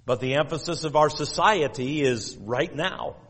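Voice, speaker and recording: A man delivering a sermon, teaching in a measured, emphatic way and repeating key phrases. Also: on the high side, animated, fairly bright tone, slightly rough, long reverb tail. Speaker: preacher.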